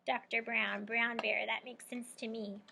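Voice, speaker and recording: A young adult woman teacher leading a guided reading lesson for young children, asking questions and warmly praising answers. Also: a little high, flat delivery, a little slow, creaky, slightly rough. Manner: encouraging, prompting and praising students.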